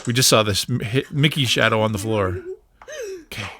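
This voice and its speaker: A woman hosting a reaction show, narrating a cartoon excitedly, laughing and sometimes hushing her voice. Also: very deep voice, normal speed, crowd noise. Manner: excitable, laughing, often drops to a hushed voice. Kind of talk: live reaction commentary on a cartoon.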